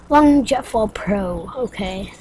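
A woman's voice: medium pitch, a little mellow, slight background noise, rough recording. A woman giving let's play commentary, rambling and mocking herself, with sudden yelps and screams. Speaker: game player.

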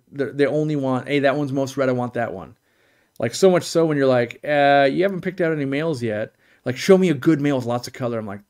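A man's voice: medium pitch, a little mellow. A middle-aged man hosting a live stream, answering viewer questions in a blunt, opinionated, rambling way with many restarts. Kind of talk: casual live Q&A chat.

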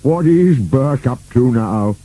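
A man voicing a fussy, fretful male creature who moans and frets slowly. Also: medium pitch, expressive, dark tone, voice pushed up. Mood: worried. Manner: fretful, fussy, slow and moaning.

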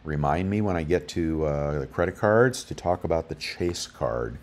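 Super deep-voiced guy rambling thru bullion prices, lots of ums, casual host. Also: expressive, normal speed. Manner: rambling, filler-heavy, reading off prices. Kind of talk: casual market commentary.

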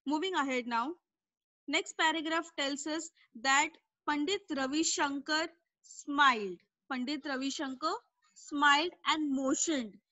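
A woman teaches a class, unpacking word meanings with patient repetition. Her voice sits high and bright. She talks slowly, and the recording is dry and close. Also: dry recording, rough recording. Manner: explains word meanings patiently, repeating herself. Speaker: English teacher. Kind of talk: online class lesson explaining a story.

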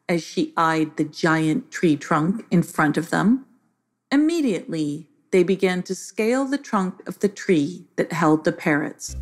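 Slow, lively children's storyteller woman. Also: fairly low pitch. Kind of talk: scripted narration for children.

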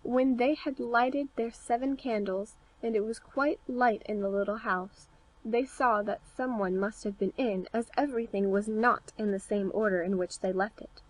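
Clear-voiced woman reading a fairy tale. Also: fairly high pitch, moderate pace, low-quality recording. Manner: clear, steady read-aloud delivery. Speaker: audiobook narrator. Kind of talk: scripted storybook narration.

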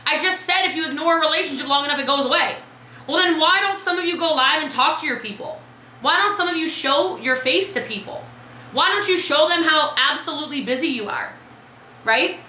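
A woman coaching her team on a live video, chatty and lively, calling out viewers by name. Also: high voice, roomy sound, slight background noise, rough recording. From Texas. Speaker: business coach.

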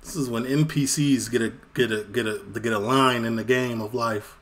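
A man's voice: medium pitch, fairly even intonation, moderate pace, background noise. A man from Chicago giving casual reaction commentary with joking, laughing asides. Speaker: reaction video host.

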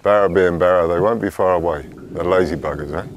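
A man's voice: low-pitched, quick pace. A man with an English accent, a fishing guide from near London, chatting in a laid-back way on a boat. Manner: laid-back, says "mate" a lot. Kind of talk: casual chat. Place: outdoors on a small boat on a lake. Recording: outdoor ambient noise.

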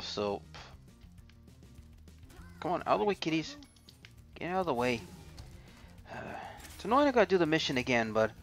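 A man's voice: mid-range voice, fairly bright tone. Chatty man narrating gameplay. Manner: chatty, talks to game characters, mild swearing. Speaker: let's play host. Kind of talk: casual gameplay commentary. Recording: voice with game music underneath.

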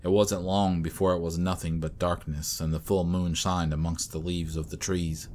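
A man narrating a horror story in a measured storytelling manner. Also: low voice, flat delivery, darkish tone, a little hiss or hum.

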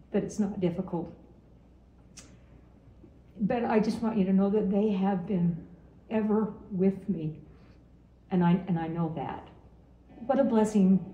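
A woman in her seventies from Utah gives a heartfelt farewell message to her grandson, earnest and often repeating her phrases. Her voice is medium-pitched, and the recording is muffled and reverberant.

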